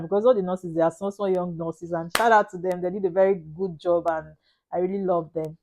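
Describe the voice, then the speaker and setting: A young Nigerian woman with a Nigerian accent, telling her own story in an animated, dramatic way in a casual vlog. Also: fairly low pitch, fairly quick. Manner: animated, dramatic retelling with Pidgin and Yoruba asides. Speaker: vlogger.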